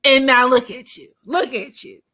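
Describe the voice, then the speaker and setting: Animated, bright-voiced woman telling stories. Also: high voice, normal speed. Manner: animated, profane, laughs often. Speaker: astrology streamer. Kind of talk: casual storytelling chat.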